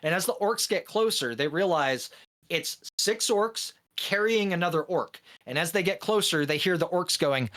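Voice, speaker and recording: A man chatting on a gaming podcast with a fairly high voice. He tells stories with lively, animated energy and drops casual swears. He breaks into laughter often. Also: moderate pace. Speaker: podcast co-host.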